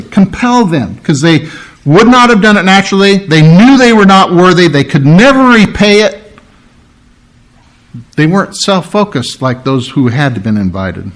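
A man with a fairly high voice preaches a sermon with emphatic, animated delivery. He acts out quoted lines and stretches key phrases for weight. He clears his throat now and then. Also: unhurried. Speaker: pastor.

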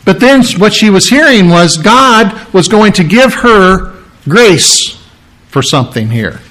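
A man preaching a sermon, explaining scripture earnestly and acting out the story with lively voices. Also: sits high, takes it slowly, rough recording.

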